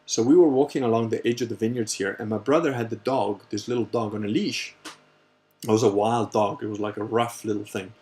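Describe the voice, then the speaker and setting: A man hosting a casual Q&A livestream, telling a story in a rambling, animated way and swearing freely. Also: fairly low pitch, fairly quick. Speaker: host answering viewer questions.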